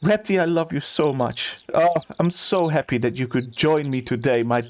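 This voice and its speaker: A man's voice: fairly high pitch, normal speed, darkish tone, close to an everyday voice. A man doing a gushing, stammering steward. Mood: doting. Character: fussy male steward doting on his pet bird.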